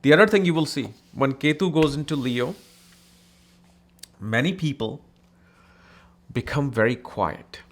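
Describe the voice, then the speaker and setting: A man from India teaching astrology in a casual, animated, conversational way, acting out people in his anecdotes. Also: medium pitch, measured pace, long pauses.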